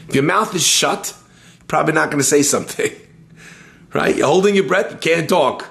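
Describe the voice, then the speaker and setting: A man teaching a lively Torah lesson, telling stories and using Hebrew terms. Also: a little high, normal speed, vocal fry. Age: adult, schooled in yeshiva. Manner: animated storyteller, uses Hebrew terms.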